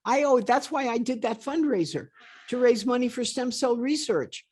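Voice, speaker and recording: This woman in her eighties, once a stockbroker, speaks bluntly and emphatically as she recounts stories for an interview over video call. Her voice is fairly high, a little mellow and slightly rough, moving at a normal speed.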